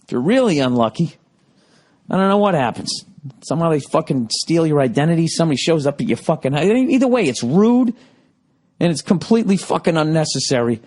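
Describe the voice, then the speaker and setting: A man's voice: a little high, big pitch swings, brisk, a little mellow. A man hosting a podcast, telling a story in a casual monologue, ranting and swearing freely. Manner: profane, ranting. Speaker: podcast host.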